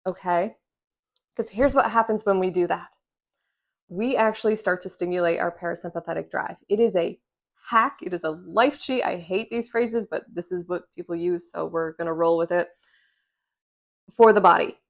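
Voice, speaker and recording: A woman's voice: medium pitch, moderate pace. A woman, a respiratory therapist, talking frankly and reassuringly to her phone camera at home, often checking in with "okay?" and "right?". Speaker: respiratory therapist sharing breathing tips. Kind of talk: casual direct-to-camera vlog. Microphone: phone camera under ring light.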